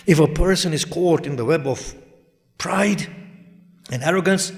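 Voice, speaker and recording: A man delivering a sermon lecture. He swings between hushed, near-whispered passages and loud, forceful exhortation, and puts rhetorical questions straight to his listeners. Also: fairly high pitch, measured pace, gravelly, pauses often, in a large hall. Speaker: religious lecturer.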